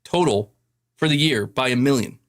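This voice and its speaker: A man's voice: mid-range voice, moderate pace. A man in a played clip giving opinionated gaming commentary, earnest and emphatic, lecturing his viewers.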